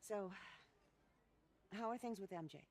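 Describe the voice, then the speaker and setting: Lady doing tired sweet older aunt in a game, soft mellow voice. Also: medium pitch, measured pace, lightly acted. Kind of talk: video game voice acting.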